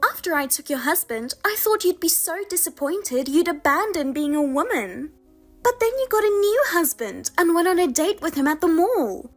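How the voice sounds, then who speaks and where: A woman's voice: very high voice, sing-song, moderate pace, soft background music. Woman doing a smug, taunting younger sister. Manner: taunting, mocking, sing-song.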